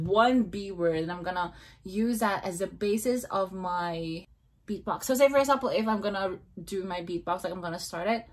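A woman vlogging casually and talking to herself, hesitant, repeating beatbox syllables over and over. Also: mid-range voice.

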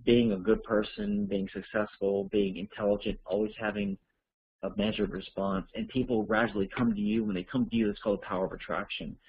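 A man's voice: lowish voice, fairly even intonation, fairly quick, husky, highs cut off. A man teaching an online course, answering listener questions in a rambling, conversational way as he thinks aloud.

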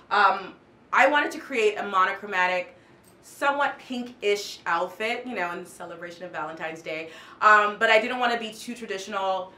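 A woman's voice: medium pitch, sharp tone, roomy sound. A woman fashion vlogger talking casually through her outfits, gushing with enthusiasm and repeating her praise. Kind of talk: casual haul vlog.

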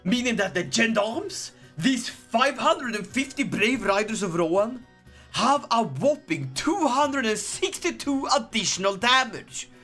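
Excitable husky-voiced man commentating gameplay. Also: very high-pitched, measured pace, soft background music. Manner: excitable and jokey, with sudden shouted outbursts. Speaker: gaming video creator.

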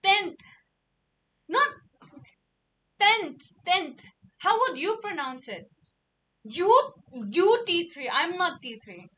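A woman's voice: extremely high pitch, sing-song, slow, long pauses, sharp tone. A young woman from India chatting casually on a livestream, playful and giggly, repeating words over and over. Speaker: streamer.

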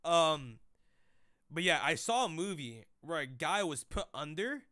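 A man's voice: on the high side, a little slow, no echo, studio quality. A young man streaming, telling stories to his chat in a casual, profane, joking way. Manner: profane, joking, animated storytelling.

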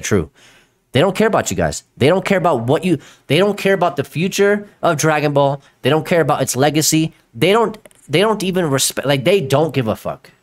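A young man with a fairly high voice rants through a live reaction stream, exasperated and swearing, loud and laughing in disbelief. His throat is sore from all the yelling. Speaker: YouTube commentator reacting to a video.

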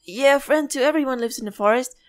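A woman's voice: sits high, quick pace, pitched above the performer's own voice, close to an everyday voice. A woman voicing a small, polite and curious village child who talks earnestly and sometimes stumbles over words, as a fan voice-over of game dialogue. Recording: faint music behind.

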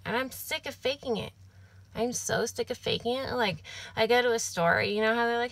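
A woman's voice: on the high side, fairly quick, gravelly, a bit bright, no echo. A young adult woman talking casually to camera in an apartment, rambling and venting with lots of swearing and filler words.

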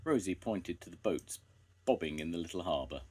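An older man reading a children's story aloud, gentle and expressive. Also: low voice, normal speed, slightly rough.

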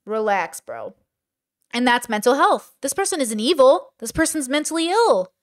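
A woman giving casual reaction commentary, blunt and animated, with plenty of slang. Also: high voice, fairly quick. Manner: blunt, animated, slangy, says bro a lot. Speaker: commentary creator.

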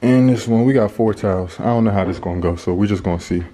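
A man's voice: fairly low pitch, fast, background noise. A man hosting a family vlog at home, talking to viewers in a playful, joking way. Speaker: father and family vlog host. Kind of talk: casual home vlog narration.

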